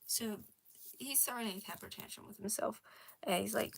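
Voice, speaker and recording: A woman's voice: medium pitch, moderate pace, gravelly, slightly rough. A young woman casually rambling about her original characters, with many fillers, restarts and giggles. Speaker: storyteller.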